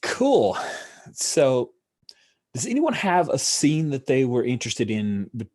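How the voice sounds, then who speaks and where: A man narrating a tabletop role-playing game as game master, animated and often laughing. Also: mid-range voice, slow.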